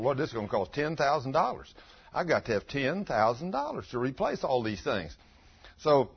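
Folksy older preacher, husky. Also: male voice, mid-range voice. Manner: homespun, animated, breaks into loud acted quotes. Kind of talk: folksy sermon with storytelling. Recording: dull lo-fi sound.

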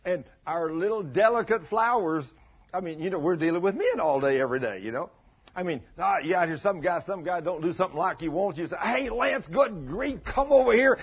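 A man's voice: on the high side, fairly quick, husky. A middle-aged man preaching a folksy, joking sermon, rambling with frequent restarts. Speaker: pastor. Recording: dull lo-fi sermon recording.

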